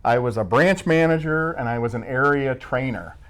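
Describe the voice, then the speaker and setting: A man's voice: mid-range voice, moderate pace. A middle-aged man from Iowa, answering interview questions in a casual, joking way and teasing himself as he tells stories. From Midwest US, Iowa. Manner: joking, self-mocking storyteller. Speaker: school staff member being interviewed.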